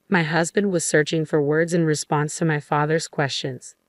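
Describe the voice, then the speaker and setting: Low-voiced woman narrating a story. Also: level tone, normal speed, few pauses, no echo, clean studio sound. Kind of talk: scripted first-person story narration.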